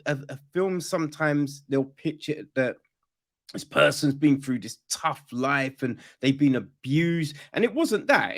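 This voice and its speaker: A man hosting a podcast, talking casually about films in a halting way with many restarts. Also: on the high side. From Britain. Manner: halting, restarts, laughs easily. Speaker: podcast host.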